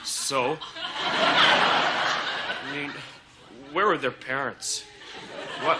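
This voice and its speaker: Smug clueless tourist comic, deadpan rambling, loud laughter all around. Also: male voice, mid-range voice, heavy background noise. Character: ignorant bigoted male tourist comic. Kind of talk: stand-up monologue in a sketch.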